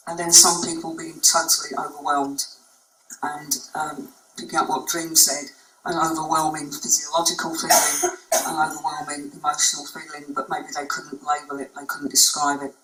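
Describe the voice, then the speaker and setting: A woman's voice: sits low, level tone, moderate pace, a bit bright. A woman clinician giving a conference talk, speaking conversationally and unhurriedly with frequent ums. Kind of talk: conference presentation. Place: presentation room. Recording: echoey room, mic far off.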